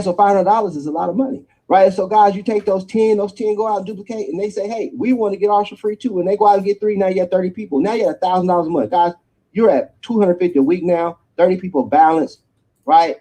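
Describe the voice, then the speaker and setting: Fast-talking high-voiced man pitching. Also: poor audio. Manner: energetic preacherly pitch, tag questions after each point. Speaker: network marketing presenter. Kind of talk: sales pitch presentation.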